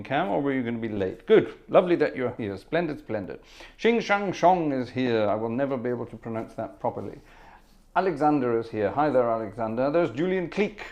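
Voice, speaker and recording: Chatty male livestream host, mid-pitched voice, jokey asides, reads out viewer names. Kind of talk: casual livestream chat. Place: home music room. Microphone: headphones.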